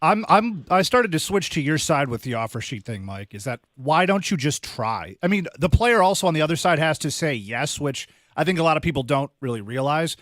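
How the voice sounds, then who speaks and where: Blunt, lively male radio co-host. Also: on the high side, a little fast, few pauses, dry recording. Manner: blunt, casual. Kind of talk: sports talk radio banter.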